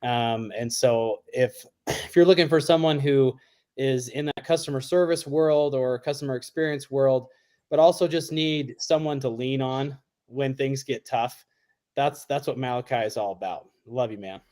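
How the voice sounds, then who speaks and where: A man's voice: medium pitch, normal speed. Earnest man guest, mid voice. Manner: relaxed, earnest with some hesitation.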